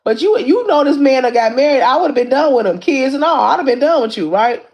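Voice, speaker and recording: A woman hosting a casual livestream, retelling a story in an animated, repetitive way with lots of asides to her viewers. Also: sits high, brisk, muffled recording. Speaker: livestream host. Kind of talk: casual recap of a reality show.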